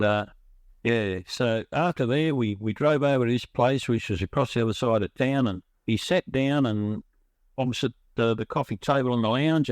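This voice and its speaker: A middle-aged man tells his story in a loose, rambling way, circling back and restarting his sentences as the feeling catches up with him. His voice sits at an ordinary pitch for a man. The recording is close and dry, with no room sound. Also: no echo. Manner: rambling, emotional, frequent restarts. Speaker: guest sharing his recovery story. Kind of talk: personal storytelling.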